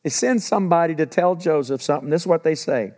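A man preaching a sermon in a relaxed, conversational teaching voice. His voice sits a little higher than most men's, and he drives points home by repeating them. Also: fast. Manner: conversational Bible teaching with emphatic repetition. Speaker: pastor.

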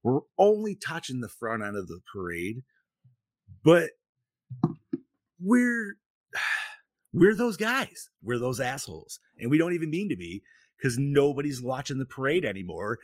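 A man's voice: mid-range voice, very animated, a little slow, pauses often, no room sound. A man hosting a casual horror podcast, talking animatedly, laughing often and swearing freely. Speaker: podcast host.

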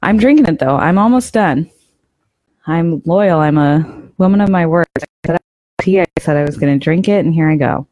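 A woman's voice: on the low side, normal speed, warm tone, no room sound. A young adult woman co-hosting a podcast, chatty and self-deprecating, laughing easily. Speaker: podcast co-host. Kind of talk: casual podcast chat.

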